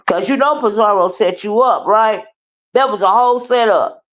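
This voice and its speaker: A woman's voice: mid-range voice, normal speed. A woman hosting a casual livestream, scolding and sassy, with repeated "okay?" and "child.". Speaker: livestream host.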